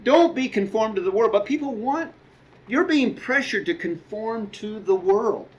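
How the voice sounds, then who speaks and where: A man's voice: sits high, lively intonation, a little slow, lo-fi sound. A middle-aged man preaching a sermon as a guest speaker, conversational, with asides and quoted dialogue.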